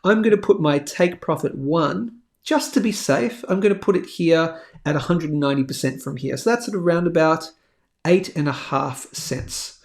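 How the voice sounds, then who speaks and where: A man's voice: fairly high pitch, normal speed, creaky. A man hosting a live crypto show, talking bluntly and chattily while working through a price chart. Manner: blunt, chatty, slangy, thinking aloud while drawing on a chart. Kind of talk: live-stream market chart commentary.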